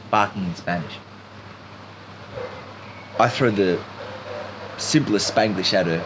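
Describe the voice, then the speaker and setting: A man telling a story in an animated, emphatic way as a podcast guest. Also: sits low, slow, pauses often, noisy background. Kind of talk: casual storytelling chat.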